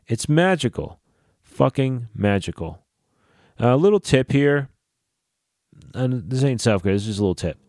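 A man hosting a casual solo podcast, swearing freely and ranting in a lively way. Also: medium pitch, normal speed, long pauses, no room sound, clean studio sound. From New Jersey / New York area. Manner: profane, animated ranting. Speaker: podcast host.

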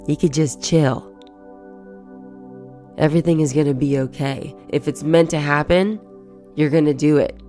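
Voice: medium pitch, steady tone, measured pace, long pauses, darkish tone, soft background music. A podcast host giving a casual, profane motivational monologue and acting out everyday inner thoughts.

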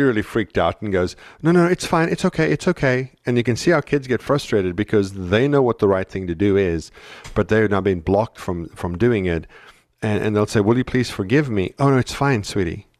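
A man with a very deep voice co-hosts a parenting podcast. He explains things earnestly and keeps checking in with his listeners. The sound is dry and close. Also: darkish tone, no room sound. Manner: earnest explaining, frequent "right?" tag questions. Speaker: podcast co-host. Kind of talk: casual parenting podcast chat.

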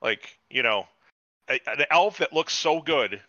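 A man with a lively, bright voice tells a story loosely, swearing freely and slipping into little character voices mid-sentence. His tone jumps around a lot, and the sound is dry and a bit dull, like a muffled home mic. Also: medium pitch, unhurried, no echo. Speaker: podcast co-host. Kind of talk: casual profane recap chat.

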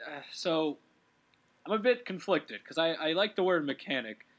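Lively, bright-voiced man chatting. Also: fairly high pitch, normal speed. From Canada. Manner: rambling, self-correcting, giggly. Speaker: let's play host. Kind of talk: casual gaming commentary.

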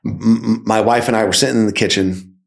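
Energetic male podcast guest telling stories. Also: lowish voice, creaky. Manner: energetic, quick, often tags "right?". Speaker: podcast guest, sales company founder. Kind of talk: casual storytelling in a podcast interview.

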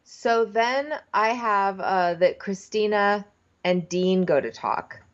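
A woman's voice: mid-range voice, slow. A woman co-hosting a podcast, chatting casually and opinionatedly about a reality show. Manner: animated, opinionated. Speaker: podcast co-host. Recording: dull lo-fi sound.

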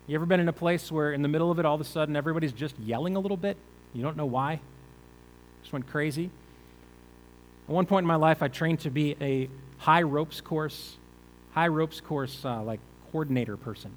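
A man's voice: a little high, in a large hall, slight background noise, low-quality recording. A male pastor preaching a conversational sermon, asking the listeners rhetorical questions.

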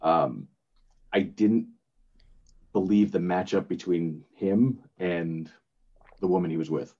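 An older man with a very deep voice talks casually on a podcast. He rambles, stops and restarts, and fills gaps with ums. The sound is a little dull and lo-fi. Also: slow, mellow, slightly rough. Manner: rambling, lots of fillers and restarts. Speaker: podcast co-host. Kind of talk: casual chat.

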